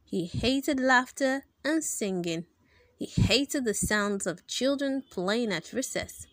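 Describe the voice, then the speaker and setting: A woman reading a children's book aloud in an expressive, animated storytelling manner. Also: fairly high pitch, slow pace, no room sound.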